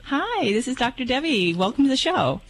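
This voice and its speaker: A woman's voice: high-pitched, very animated, brisk. A woman veterinarian on a radio show, asking a caller questions in a friendly, inquisitive way. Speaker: veterinarian co-host.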